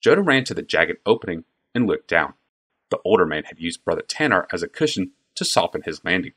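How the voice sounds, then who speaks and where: Deep-voiced, expressive male narrator. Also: brisk, breathy edge. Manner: expressive storytelling. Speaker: audiobook narrator. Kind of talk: scripted narration.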